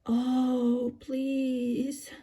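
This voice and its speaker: A woman voicing a polite, sweet visiting girl doll who is hot and tired, in a high breathy voice. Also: monotone, extremely slow, dark tone, full character voice. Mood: grateful.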